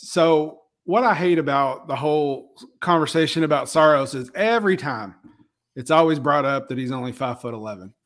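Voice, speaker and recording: Talking sports on a podcast he co-hosts, a man speaks at a moderate pace in a slightly bright, higher-pitched voice. He's quick to agree and often pauses with um.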